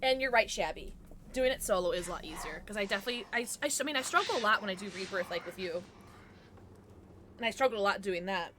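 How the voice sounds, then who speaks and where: A woman streaming a game, chatting casually and excitably with quick exclamations, swearing and laughing often. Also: medium pitch, noisy background. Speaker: livestreamer. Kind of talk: casual gameplay commentary.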